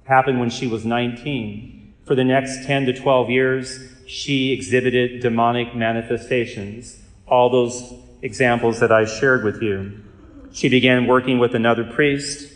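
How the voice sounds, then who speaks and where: A man, a Catholic priest and exorcist, giving an earnest, measured storytelling talk with touches of dry humor. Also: mid-range voice, fairly even intonation. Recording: echoey hall reverb.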